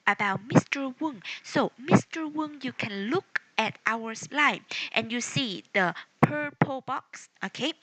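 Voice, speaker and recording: A woman runs an online English lesson over a video call. She speaks slowly in a bright, clear voice, patiently guiding students and gently fixing their grammar. The sound is dry and close. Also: a little high, dry recording, low-quality recording. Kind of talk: online class moderation.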